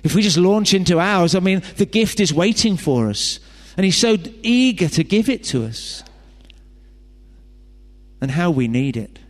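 A man preaching a sermon, chatty and full of rhetorical questions and joking asides. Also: medium pitch. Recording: long hall reverb.

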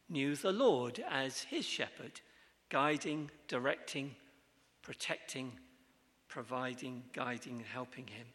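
A man preaching a sermon, earnest and measured, asking the congregation questions. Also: medium pitch, sharp tone. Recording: long hall reverb.

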